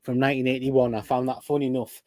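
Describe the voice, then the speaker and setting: A man's voice: medium pitch, little pitch movement, fast, a little mellow, no room sound. A man co-hosting a casual chat, enthusiastic and throwing in "man" a lot. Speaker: podcast co-host.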